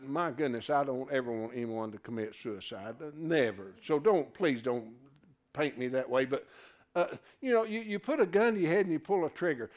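This male preacher delivers a sermon to a live audience, calling them folks. His delivery shifts from booming, emphatic statements down to hushed, low-voiced asides.

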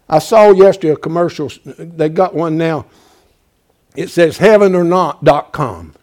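A male preacher giving a fiery sermon, swinging from loud, emphatic urging to quiet pleading and dropping in "bless God" as he goes. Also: a little high, measured pace. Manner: repeats "bless God" as a filler.

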